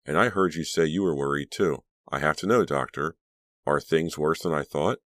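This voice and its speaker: A man's voice: a bass voice, moderate pace, fairly bright tone, dry recording. A man reading an audiobook, voicing an anxious, troubled teenage girl who sounds tense and breathless. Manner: tense, pleading, breathless at times.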